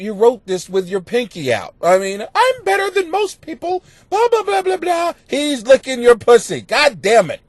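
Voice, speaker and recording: Loud, foul-mouthed man ranting comic advice. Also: high voice, no echo. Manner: loud, profane, mocking, swings into yelling. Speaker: comedy podcast host. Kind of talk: crude comedic advice rant. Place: home basement.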